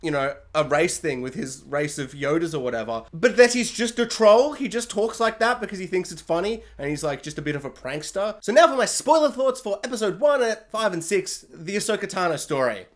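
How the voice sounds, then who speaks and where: A young man with a notably high speaking voice, giving a casual review rant. He is animated and jokey, and he acts out quotes in even higher excited voices. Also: fairly quick, hardly any pauses.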